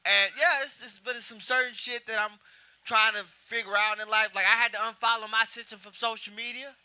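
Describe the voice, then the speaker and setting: Brash, very high-pitched young man. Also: steady tone, a little fast, clean tone. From Houston area. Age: 20s. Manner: brash, profane storytelling with loud acted-out quotes. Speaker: stand-up comedian. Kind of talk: stand-up comedy set. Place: comedy club stage.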